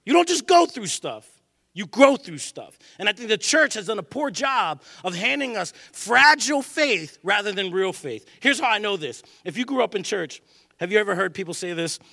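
A male pastor delivers a lively sermon in a high, bright voice. He jokes with the congregation and acts out the people he quotes. The recording is dry and close, with no room echo. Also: moderate pace, creaky. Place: church.

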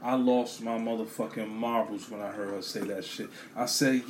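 A man telling a story as a profane rant, animated, swearing a lot and repeating himself. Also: lowish voice, moderate pace, hardly any pauses, a little hiss or hum.

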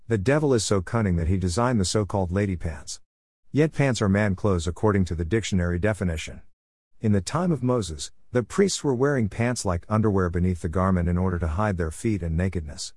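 A man's voice: lowish voice, expressive, fairly quick, a little mellow, dry recording, clean studio sound. A man preaching an earnest, solemn sermon testimony about a vision of heaven.

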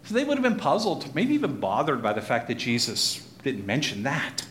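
A man teaching a Bible passage in a conversational way, animated and chuckling as he acts out the crowd. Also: medium pitch, brisk. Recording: echoey room with faint noise.

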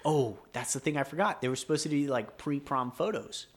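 A young man in casual podcast chat, recounting a frustrating night with plenty of swearing. His voice sits at an ordinary pitch, and his exasperation comes through as he tells it. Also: fairly quick. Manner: profane, exasperated storytelling.

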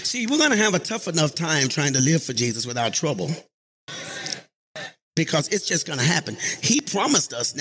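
A man preaching a sermon in church, lively, calling on the congregation and rising to shouts. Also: fairly high pitch, normal speed, slight background noise. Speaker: pastor. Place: church sanctuary.

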